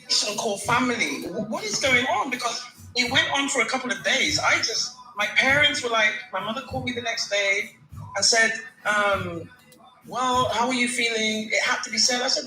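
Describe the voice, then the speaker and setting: Woman in her 40s telling her story on a live call, bright tone, echoey room, faint music behind, halting and repeating herself. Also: on the high side. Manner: halting, repeats words, restarts often. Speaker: caller sharing her story. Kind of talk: emotional personal account on a live call.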